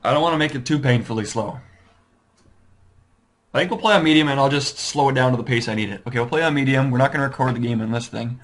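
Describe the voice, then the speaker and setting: A fast-talking man with a mid-range voice hosts a casual strategy game walkthrough. He rambles on, second-guesses his decisions, and keeps a self-deprecating tone.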